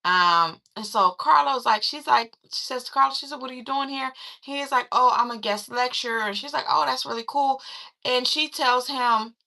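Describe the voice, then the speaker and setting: A woman chatting through a casual movie recap, acting out quoted lines in a lively, conversational way. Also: high-pitched, normal speed, vocal fry. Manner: chatty, animated retelling with quoted voices. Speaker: film reviewer.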